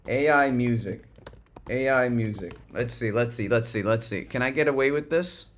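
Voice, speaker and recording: A man hosting a live market stream, rambling through casual commentary with swearing. His voice sits at an ordinary middle pitch. He drifts between chanted lines and quiet muttering as he watches charts. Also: normal speed. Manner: chants rap lyrics between loose profane trading talk. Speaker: livestream trader host.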